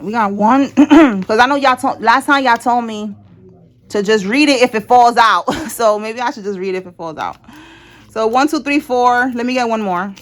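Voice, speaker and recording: A woman giving a casual tarot reading, blunt and chatty, with cursing and laughter. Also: on the high side. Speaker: tarot reader.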